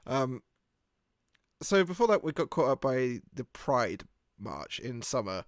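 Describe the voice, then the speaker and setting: A man rambles through a casual podcast monologue, cracking jokes, swearing freely and laughing at himself. His pitch swings widely and lively from line to line. The sound is dry and close, with no room echo. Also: a little slow. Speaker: podcast host.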